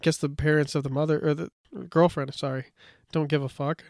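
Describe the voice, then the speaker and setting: A man's voice: a little high, level tone, a little fast, a little mellow, no room sound, studio quality. A man co-hosting a casual podcast, reacting bluntly with profanity and exasperation. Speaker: podcast co-host.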